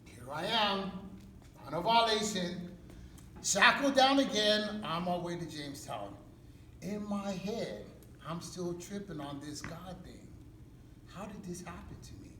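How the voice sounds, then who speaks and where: A man's voice: high voice, a little slow, noisy background. A man, a pastor telling a dramatic personal testimony in street slang. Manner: animated storytelling in street slang. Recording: echoey hall from far off.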